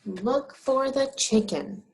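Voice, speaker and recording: A woman teaching young children, asking questions about farm animals and answering them in a drawn-out, encouraging way. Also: sits high, animated, a little mellow. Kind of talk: slow, sing-song teaching of young children.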